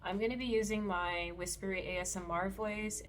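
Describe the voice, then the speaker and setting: A woman hosting a screen-recorded tutorial, explaining settings in a relaxed, explanatory way with the odd soft laugh. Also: mid-range voice, normal speed. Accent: Canadian. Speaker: meditation creator and tutorial host.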